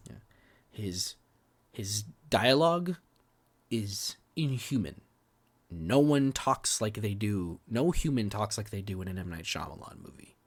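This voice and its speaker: This man co-hosts a film podcast, where his lowish, somewhat slow voice carries a lively intonation. His reviews are candid and profane, delivered in casual chat; he swears freely, restarts words, and sometimes drops to a near whisper.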